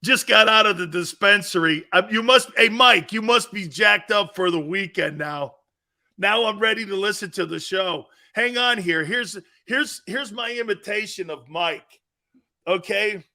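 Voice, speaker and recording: Loud teasing guy hosting sports talk, high lively voice, bright, takes his time. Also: unhurried. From Italian-American background. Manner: boisterous, teasing, laughs a lot. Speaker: sports talk show host. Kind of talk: live sports talk show.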